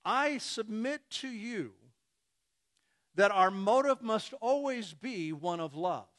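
Animated high-voiced male preacher. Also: slow pace. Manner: animated, acts out imagined dialogues. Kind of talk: sermon.

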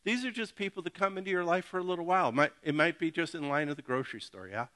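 A middle-aged man preaches in a loose, conversational way, cracking jokes and checking in with his congregation. His voice sits a little high and sounds bright and forward. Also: fast talker. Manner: joking, animated, talks to the congregation directly. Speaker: pastor. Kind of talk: casual conversational sermon.

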